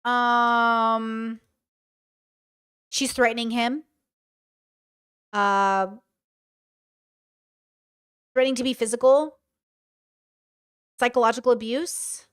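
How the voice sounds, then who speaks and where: A woman's voice: a little high, fairly even intonation, very slow, pauses often, fairly bright tone, clear, resonant tone, no echo, studio quality. Woman reacting bluntly on stream. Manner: reads out text messages, reacts bluntly. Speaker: commentary streamer. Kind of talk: casual reaction commentary.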